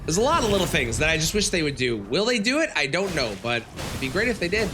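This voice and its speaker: A man's voice: on the high side, big pitch swings, fast, over music. A man casually commenting on his live game stream, chatting with viewers and breaking into yelps and exclamations at enemies.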